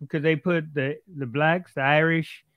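A man in a casual podcast chat, explaining history at length in a steady, lecturing way. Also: fairly high pitch, unhurried, dry recording, dull audio.

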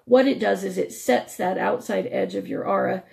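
Woman, radio host, spiritual teaching talk, gravelly strained voice, mellow tone. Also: mid-range voice, normal speed. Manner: explains techniques step by step, with small restarts. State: struggling voice.

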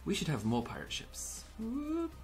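A man's voice: high-pitched, wildly swooping pitch, unhurried, faint music behind. A young man commentating gameplay with a lot of energy, yelping, laughing and slipping into pirate growls.

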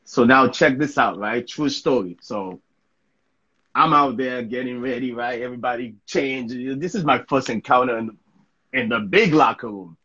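A man from Sierra Leone tells a story as an interview guest, with a husky, slightly breathy voice at a middling pitch. He keeps it casual and animated, repeating words and tagging "right?" onto his sentences. The recording sounds somewhat dull and lo-fi. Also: normal speed. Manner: lively anecdotal telling, frequent "right?" tag questions, repeated words. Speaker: interview guest, pro soccer player.

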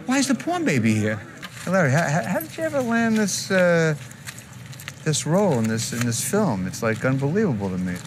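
A man's voice: fairly high pitch, huge pitch swings, brisk. A man in an improvised sitcom scene, talking in an anxious, stammering, exasperated way. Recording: TV audio with background noise.

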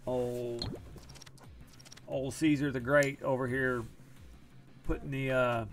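Gravelly man streaming a card game. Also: mid-range voice, level tone, slow, faint music behind. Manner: chatty, self-deprecating, groaning at bad luck. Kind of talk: casual live-stream commentary.

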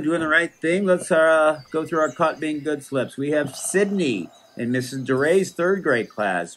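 A man's voice: a little high, slight background noise. Playful man hosting school announcements. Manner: playful, jokey, upbeat. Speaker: school morning show host.

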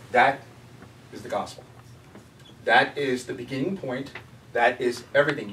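A man's voice: mid-range voice, a bit bright. Male group-study leader, casual and conversational, recorded from a distance in a roomy hall. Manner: conversational, asks the group questions. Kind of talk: casual teaching. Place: church meeting room. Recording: echoey room, distant mic, faint noise.

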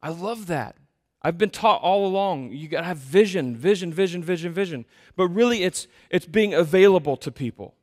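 A man preaches in a church sanctuary, his fairly high voice ringing out with long reverb. He talks like he is chatting, poking fun at himself and acting out the stories. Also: moderate pace. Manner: conversational, self-deprecating, animated storytelling. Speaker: pastor. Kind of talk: sermon.

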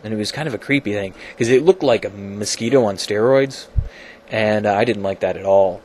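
A man's voice: lowish voice, a little fast, darkish tone, a little hiss or hum. A man talking casually in a science vlog from his home computer, rambling and self-deprecating, with many fillers and restarts. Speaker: video blogger.

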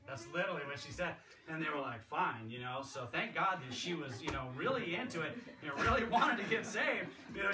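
A man preaching a sermon in a church, with a conversational manner and acted-out quotes. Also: on the high side. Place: church sanctuary. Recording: echoey hall, distant mic, background noise.

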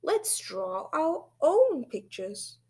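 A woman's voice: very high voice, big pitch swings, extremely slow, warm tone, voice pushed up, exaggerated voice. A woman voicing a cheerful, literal-minded young schoolgirl in a children's storybook read-aloud.

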